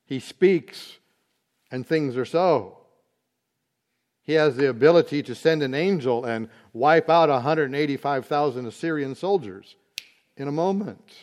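A man teaching a Bible study, explaining word meanings slowly and deliberately, with occasional fillers. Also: mid-range voice, darkish tone.

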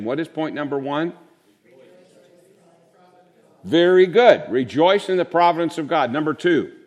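An older man preaching a sermon to a congregation in a conversational style, sometimes mimicking voices for effect. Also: medium pitch.

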